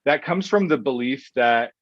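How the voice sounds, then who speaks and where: A man from Oklahoma speaking as a guest in a podcast conversation, talking thoughtfully with pauses and restarts. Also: mid-range voice, expressive, no room sound, highs cut off. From Oklahoma, USA. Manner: thoughtful, hesitant with fillers and restarts. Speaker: guest, professor.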